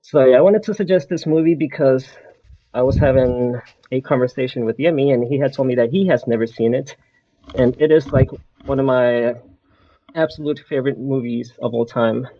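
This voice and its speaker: A man's voice: medium pitch, normal speed. Easygoing man guest on dull lo-fi audio. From Australia. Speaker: podcast guest. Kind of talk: casual podcast chat. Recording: slightly dull lo-fi call audio.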